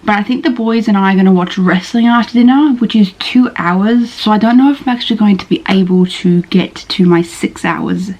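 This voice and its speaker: A woman in her twenties with an Australian accent, chatting casually in a vlog, animated and quick to swear. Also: mid-range voice, poor audio. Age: 20s. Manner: chatty, animated, swears freely, talks to herself while reading. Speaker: book vlogger.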